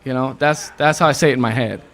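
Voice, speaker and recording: A young man from Iowa tells stories in a loose, chatty way. He slips into the voices of the people he quotes, lively and quick with the punchlines, in a relaxed interview as a guest musician. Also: mid-range voice, vocal fry, a crowd in the background. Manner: animated storyteller who acts out quoted voices. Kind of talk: casual storytelling interview.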